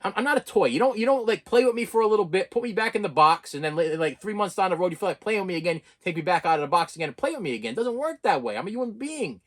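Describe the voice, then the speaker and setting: A man's voice: sits high, lively intonation, very fast, few pauses, fairly bright tone. A man in his fifties giving a raw, emotional personal rant to camera, full of stammering restarts and repeated phrases. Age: 50s. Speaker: vlogger.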